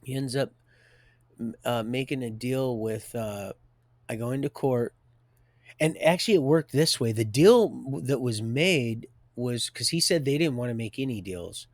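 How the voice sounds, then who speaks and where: A middle-aged man telling his life story live from home, wandering off into folksy asides and circling back again. His voice sits at an ordinary middle pitch. The sound is dry and close, with no room echo. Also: unhurried. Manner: digressive, folksy, many restarts and asides. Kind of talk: rambling personal storytelling. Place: home, with a door and heater nearby.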